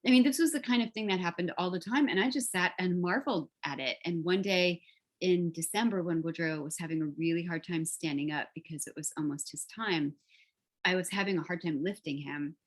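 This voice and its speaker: A woman's voice: fairly low pitch, brisk. A woman author on a video call, telling a personal story in a reflective, vivid way with some fillers. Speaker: author guest.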